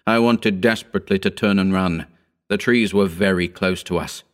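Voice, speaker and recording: A man narrating a horror story in a slow, grave, deliberate reading. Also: low-pitched.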